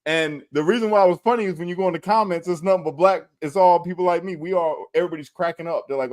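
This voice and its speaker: Animated, profane male podcast co-host. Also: fairly high pitch, quick pace, few pauses. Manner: animated, profane, laughs while retelling clips. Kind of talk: casual chat, storytelling.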